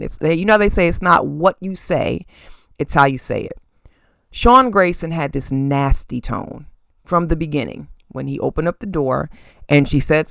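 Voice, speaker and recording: A podcast host speaks to a camera in a home room full of crystals and statues, giving blunt, casual opinions, swearing freely and asking "okay?". The mid-range voice has vocal fry and a fairly bright tone, recorded cleanly with no room sound.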